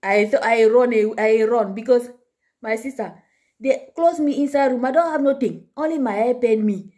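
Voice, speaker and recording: Woman vlogger, casual storytelling, broken English, chatty, amused, fairly high voice, mellow tone. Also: normal speed.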